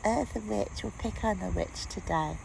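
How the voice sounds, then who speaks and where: A woman voicing her mocking neighbours in a shrill, sing-song taunt, calling her a witch. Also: normal speed, creaky, background noise.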